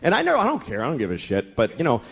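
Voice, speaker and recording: A middle-aged comic races through a profane stand-up set of exasperated stories, voicing different characters. His medium-pitched voice has huge pitch swings, vocal fry, and a fairly bright tone. It's a live comedy club recording, with the audience laughing and making noise.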